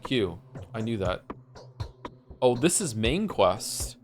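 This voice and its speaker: A man streams a video game in loose, unscripted commentary, circling back on his sentences with plenty of fillers and restarts. He drops casual swear words as he reacts to the game. His voice sits at a middling pitch, with faint music playing under him. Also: big pitch swings, moderate pace. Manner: rambling, hesitant, with many fillers and restarts. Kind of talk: casual let's-play commentary.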